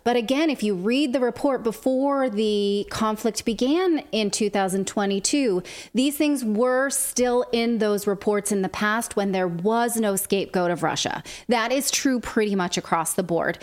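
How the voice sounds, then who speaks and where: A woman's voice: mid-range voice, unhurried, few pauses. A woman co-hosting a political commentary show, reading from a report with a sarcastic edge. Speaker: co-host.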